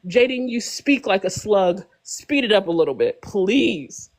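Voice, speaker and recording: A woman's voice: mid-range voice, lively intonation, a little slow. Blunt woman ranting playfully. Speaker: live panel guest. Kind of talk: live podcast panel chat.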